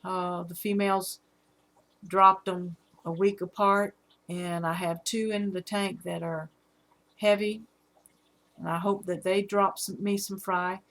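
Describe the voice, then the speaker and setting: A middle-aged woman with a Southern accent, hosting a casual live stream about her fish, halting often with fillers. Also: fairly low pitch, little pitch movement, a bit bright. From Alabama. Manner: rambling, halting with fillers, reads out chat comments.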